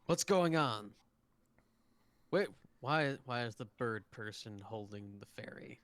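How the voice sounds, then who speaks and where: A man voicing an alarmed ship captain in a tabletop game, calling out loud, urgent questions. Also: fairly low pitch, level tone, moderate pace.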